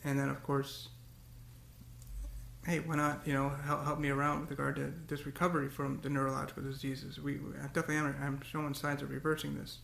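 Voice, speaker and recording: A man's voice: mid-range voice, completely flat delivery, fairly quick, vocal fry, fairly bright tone, reverberant. A man talking to the camera in a casual, rambling monologue, often repeating words and breaking into cursing rants. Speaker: vlogger.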